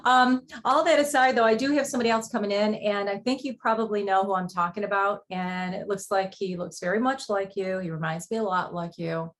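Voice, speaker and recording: A woman hosting a show as a psychic medium, asking quick probing questions in a chatty live reading. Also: medium pitch, fairly even intonation. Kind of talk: relaying messages in a live reading.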